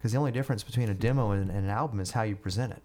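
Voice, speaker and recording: A middle-aged man with a fairly low voice tells his story as a podcast guest. He talks chattily, stumbling over repeated words. He slips into playing the people in his tale. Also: racing, warm tone. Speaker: guest musician.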